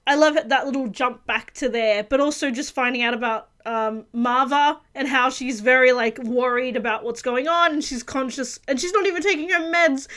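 High-voiced woman gushing in a reaction video. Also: fairly quick, hardly any pauses, fairly bright tone. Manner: earnest and gushing, with many restarts and fillers. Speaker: reaction channel host. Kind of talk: casual video reaction review.

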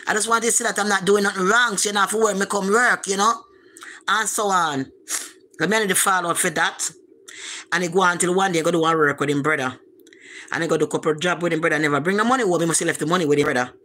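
A woman's voice: on the low side, quick pace, pushed and bright. A woman with a Jamaican accent telling a rambling personal story in patois, repeating words for emphasis. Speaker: vlogger.

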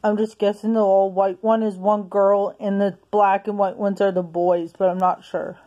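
A woman's voice: mid-range voice, flat delivery, moderate pace, mellow, highs cut off. A woman reviewing a movie in a casual home video, talking hesitantly with many restarts and sounding out of breath.

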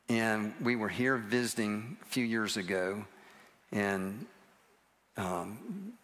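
A man's voice: on the low side, a bit bright. An older man preaching a humorous sermon in a church, telling personal stories in a chatty, self-deprecating way. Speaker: guest preacher. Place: church sanctuary, live service.

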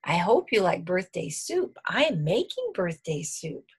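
A woman's voice: on the low side, sing-song, measured pace, vocal fry, husky, full character voice. A woman voicing an eager young boy bear cub in a storybook reading. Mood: cheerful.

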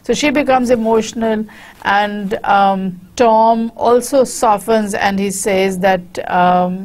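Slow, hesitant Pakistani woman lecturing. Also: medium pitch, steady tone, a little mellow. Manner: explanatory, hesitant with frequent pauses. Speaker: literature lecturer. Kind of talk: university lecture.

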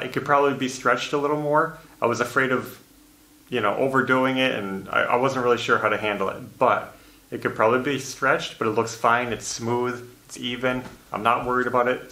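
A man in a casual home-project vlog, explaining his carpet work in a relaxed, matter-of-fact way with a morning voice. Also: mid-range voice. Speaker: DIY vlogger installing carpet. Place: empty room in a house, indoors. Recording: echoey empty room.

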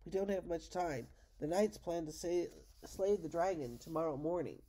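Grandma doing a steady noble castle mom, firm and mellow. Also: female voice, on the low side, moderate pace, close to an everyday voice. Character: calm noble mother, a castle lady.

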